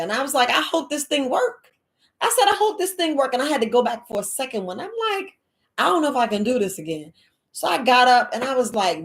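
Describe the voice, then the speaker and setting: A woman, hosting a live Q&A and telling a personal story in a casual, dramatic way. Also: fairly high pitch. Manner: animated, dramatic, exclaiming quoted reactions. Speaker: live Q&A host.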